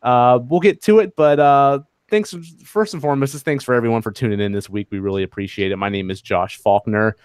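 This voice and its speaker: A man hosting a casual podcast, upbeat and teasing as he keeps the talk on track. His voice sits in a middle pitch. The sound is dry and close. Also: a little fast, few pauses, clear, resonant tone, dry recording. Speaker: podcast host.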